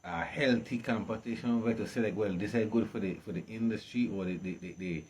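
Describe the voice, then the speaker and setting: Low-voiced man asking halting questions. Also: a little mellow, slight background noise. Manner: halting, searching for words. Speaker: interviewer. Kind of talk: casual interview.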